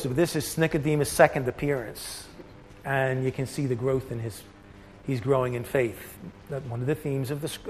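A man's voice: medium pitch, darkish tone, slight background noise, poor audio. Man leading a Bible study. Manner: reads passages aloud, then breaks off to explain with restarts and asides. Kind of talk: teaching a Bible study, reading and explaining a text.

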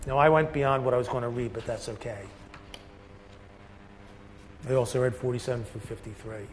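A man's voice: mid-range voice, fairly even intonation, moderate pace, a little hiss or hum, low-quality recording. A man teaching a Bible study, reading passages aloud and breaking off to explain them in his own words, with restarts and asides.

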